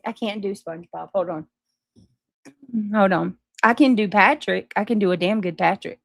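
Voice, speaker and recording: A woman hosts a casual livestream and reads out viewer comments between friendly asides. Her voice has a gravelly, creaky texture and sits in a middle register. The sound is dry and close, with no room echo. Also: mid-range voice, moderate pace. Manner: chatty, apologetic, laughs easily, restarts often. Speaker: livestream host.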